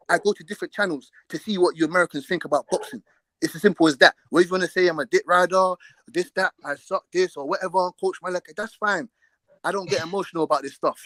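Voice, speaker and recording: A man's voice: high-pitched, a bit bright, dry recording. A young man, hosting a live stream and trading brash, profane trash talk in a heated argument.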